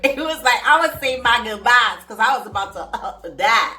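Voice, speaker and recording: A woman vlogger telling her own life story in a casual, animated way, repeating phrases for emphasis. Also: fairly high pitch, normal speed. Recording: echoey room, faint music behind.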